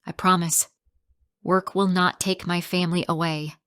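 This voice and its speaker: A woman's voice: lowish voice, flat delivery, normal speed, fairly bright tone, smooth, no room sound, clean studio sound, close to an everyday voice. A woman voicing a tired, remorseful middle-aged husband and father in her own plain, subdued voice.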